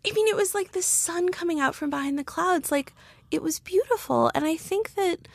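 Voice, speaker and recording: Woman, creaky voice, chatty storyteller, lots of fillers, dry close sound. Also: very high voice, moderate pace, no room sound. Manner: chatty storyteller, many fillers, sarcastic asides. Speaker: guest, writer. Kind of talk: casual podcast chat.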